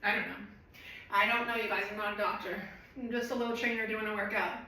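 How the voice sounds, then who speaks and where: A woman's voice: medium pitch, steady tone, fast talker, bright, forceful tone. A woman fitness trainer leading a live home workout, chatting and rambling while she counts reps. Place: room at home. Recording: echoey room, voice from far off.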